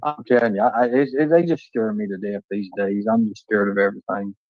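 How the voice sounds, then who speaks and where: A man's voice: fairly low pitch, fairly even intonation, a little fast, dry recording. A man co-hosting a casual livestream chat, rambling and often stammering and restarting. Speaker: livestream co-host. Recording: dull lo-fi stream audio.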